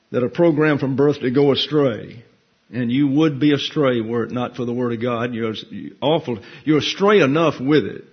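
A man's voice: mid-range voice, husky, dull audio. A man preaching a folksy, humorous sermon as a pastor teacher, with joking asides. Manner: humorous, conversational, self-deprecating asides.

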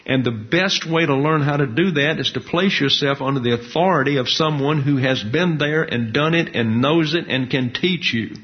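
A man, preaching a sermon in a measured, folksy teaching manner with colloquial asides. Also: fairly high pitch. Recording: dull lo-fi recording.

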